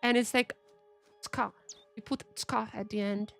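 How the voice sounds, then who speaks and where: A woman's voice: a little high, fairly even intonation, measured pace, creaky, dry recording. Chatty young woman streamer, game music. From Eastern Europe. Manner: chatty, thinking aloud, reading game text. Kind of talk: casual gameplay commentary.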